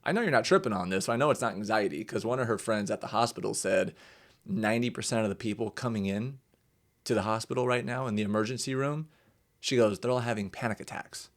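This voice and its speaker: A young man hosting a podcast in casual chat, animated and swearing freely, acting out quotes in raised voices. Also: fairly low pitch, quick pace. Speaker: podcast host.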